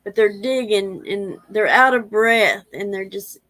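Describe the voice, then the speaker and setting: A woman's voice: medium pitch, a little slow, fairly bright tone, poor audio. A woman, rambling in a casual livestream chat and reading viewer comments aloud. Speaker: livestream host.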